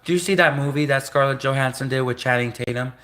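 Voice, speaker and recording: A man hosting a live stream in a bright, forceful voice. He rambles and repeats himself in a conspiratorial tone. He keeps cutting himself off mid-sentence to correct himself. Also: medium pitch, fast talker. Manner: rambling, repetitive, conspiratorial, self-interrupting. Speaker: livestream host.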